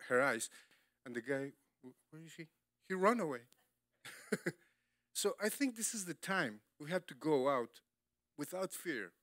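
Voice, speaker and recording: This sermon comes from a man with a high, bright voice who speaks animated, broken English at an unhurried pace, laughing often; Spanish is his first language. The recording is close and dry, with no room sound.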